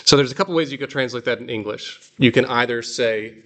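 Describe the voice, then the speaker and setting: A man's voice: mid-range voice, fast talker, a bit bright. A man teaching a Greek reading class, explaining patiently with examples. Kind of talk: classroom lesson.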